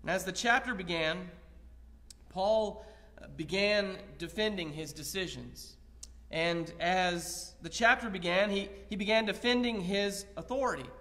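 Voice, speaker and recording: A man preaching an evening lesson in a church sanctuary, his high voice carried by a long, ringing reverb. He speaks earnestly and builds his points through rhetorical questions and paraphrased scripture. His tone stays bright and forward throughout. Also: unhurried. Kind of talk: evening Bible lesson sermon.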